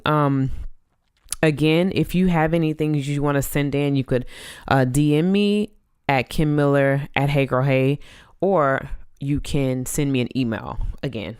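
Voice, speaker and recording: A woman in her thirties hosting a podcast, telling a story in a chatty, animated way with many fillers. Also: deep voice, clean tone, dry recording, clean studio sound. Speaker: podcast host. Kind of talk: casual chat.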